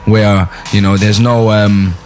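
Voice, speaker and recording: A man singer, a podcast guest, talking in a relaxed, meandering way with lots of fillers. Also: fairly low pitch, slight background noise. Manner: relaxed, drawn-out storytelling with fillers. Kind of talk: casual chat.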